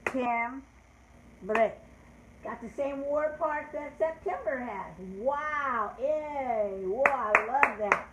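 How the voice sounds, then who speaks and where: Older woman, kids' lesson host; slow, sing-song teacher delivery, slightly high voice; echoey room. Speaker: children's show host teaching calendar. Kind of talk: live children's lesson. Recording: echoey room with faint background noise.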